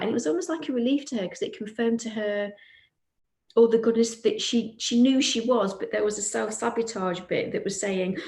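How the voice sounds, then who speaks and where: A woman's voice: a little high, fairly quick. Earnest woman in an echoey room. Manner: warm, earnest retelling of a client session, quoting her softly. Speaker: podcast co-host. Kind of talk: casual storytelling chat.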